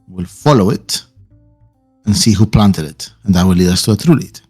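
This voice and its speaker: A man doing a calculating male spymaster who speaks in a low, deliberate tone. He weighs each word and explains his schemes slowly and carefully, with faint music behind him. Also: slightly rough. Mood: grave. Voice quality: calm, deliberate delivery.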